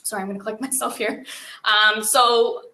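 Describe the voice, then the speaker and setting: A woman's voice: a little high, steady tone, moderate pace, sharp tone. A woman with a Canadian accent giving an earnest, unscripted speech at a virtual event, speaking eagerly with many ums. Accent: Canadian English. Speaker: grant presenter and business owner.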